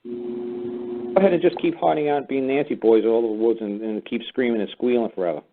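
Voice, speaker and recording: Male call-in host: brusque, swearing lecturer, talks quickly, tinny phone-line quality. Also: medium pitch, background noise. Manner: blunt, profane and lecturing. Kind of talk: call-in radio talk. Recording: phone-like narrow sound.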